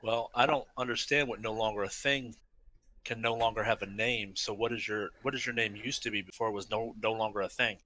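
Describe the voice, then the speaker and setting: A man takes part as a player in a tabletop game. He talks in a chatty, questioning way, with a very bright, sharp voice. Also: fairly low pitch, steady tone, brisk, slight background noise. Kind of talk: casual in-character chat.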